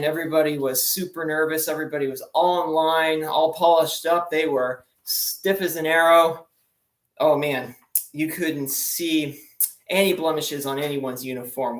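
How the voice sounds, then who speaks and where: A man's voice: a little high, a bit bright. Chatty man telling Navy jokes, echoey room. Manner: chatty, self-deprecating, laughs at own jokes. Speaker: stand-up comedian. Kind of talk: live-streamed stand-up joke telling.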